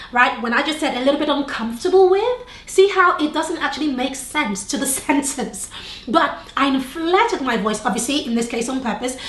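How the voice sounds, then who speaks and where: Animated high-voiced woman coaching on camera. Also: reverberant. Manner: animated, varies tone and pace on purpose, asks viewers questions. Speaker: video presentation coach. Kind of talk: on-camera teaching tips. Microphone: camera facing speaker.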